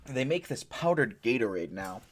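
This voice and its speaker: A man hosting his own show, reading news articles aloud and breaking off for dry, sarcastic asides in an unhurried, halting way. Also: mid-range voice, sing-song. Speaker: streamer and host.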